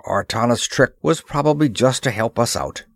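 A man's voice: medium pitch, moderate pace, no echo, clean studio sound, natural voice. A man voicing a decisive male adventure hero, speaking firmly in a storybook reading. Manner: firm, decisive.

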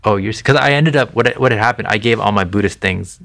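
This fast talker, an interview guest with a Thai family background, gives his faith testimony in a lowish voice that's a bit bright and has vocal fry. His manner is earnest and conversational, full of restarts and "you know."

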